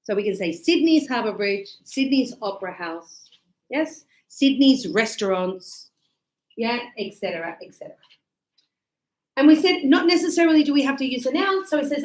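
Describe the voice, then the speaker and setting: A woman teaching an English lesson to a live class in a chatty, playful way, checking in with quick questions. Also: a little high, animated, reverberant, low-quality recording.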